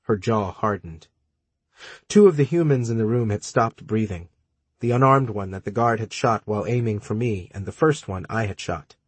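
A man narrating a story in the first person, measured and dry, with terse dialogue. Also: fairly low pitch, expressive, breathy edge, no echo. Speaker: audiobook narrator.

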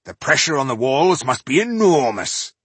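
A man's voice: mid-range voice, moderate pace, breathy edge, no echo, voice pushed up, natural voice. A man voicing a proud male dwarf of the fifling tribe who explains things with pride.

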